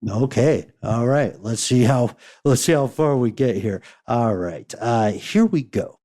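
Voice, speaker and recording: Mellow-voiced male podcast co-host. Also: medium pitch, lively intonation, a little slow. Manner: introduces and reads out listener mail. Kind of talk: casual podcast chat.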